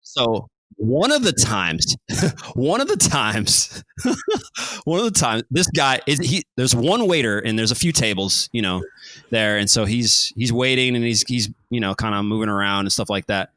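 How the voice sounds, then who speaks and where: A man's voice: medium pitch, big pitch swings, unhurried, bright, forceful tone, no room sound. A man hosting a podcast, telling a rambling story in casual chat and laughing often. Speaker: podcast host.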